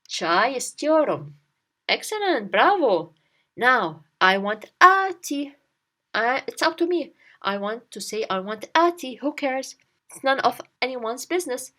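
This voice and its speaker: A woman's voice: on the high side, fairly bright tone. A woman teaching a spoken language lesson, encouraging and drilling words again and again with little memory stories.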